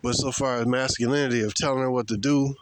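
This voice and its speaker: A man's voice: medium pitch, steady tone, fast, a little hiss or hum. A man giving a blunt, slangy, scornful ranting commentary. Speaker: commentary vlogger.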